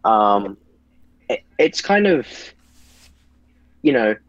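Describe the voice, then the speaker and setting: A man's voice: medium pitch, very animated, drawn-out words, dry recording. A man chatting casually as a podcast guest, laid-back and full of "like" fillers. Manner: laid-back, hedging with lots of "like". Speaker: guest, YouTube reviewer. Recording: dull, slightly lo-fi sound.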